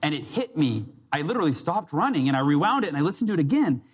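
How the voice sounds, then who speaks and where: He talks fast, with a slightly rough, sing-song voice that sits a little high. A success coach and speaker, he's giving a motivational talk to a live audience, telling a personal story and voicing the quoted characters.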